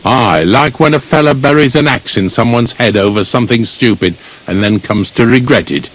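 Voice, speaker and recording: An actor playing a blunt, grumbling village gravedigger in a video game, speaking. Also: male voice, medium pitch, moderate pace, fairly bright tone, close to an everyday voice. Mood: gruff.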